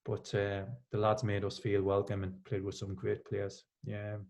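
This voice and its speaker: A Geordie man in his fifties, a former footballer, chatting in a relaxed way and telling anecdotes as a podcast guest. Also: on the low side, moderate pace, gravelly. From Newcastle, England. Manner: storytelling, acts out quoted lines with laughs.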